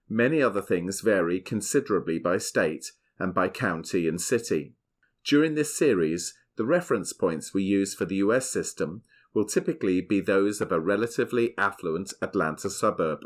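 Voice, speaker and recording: Host, middle-aged man, lowish voice, reads a prepared script in a measured way. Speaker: podcast host. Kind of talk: scripted podcast narration and family chat.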